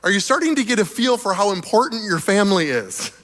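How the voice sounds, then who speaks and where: A man preaching a sermon in an animated way, chuckling between points, his voice slightly hoarse as he loses it. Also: sits high, quick pace. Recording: long reverb of a large hall.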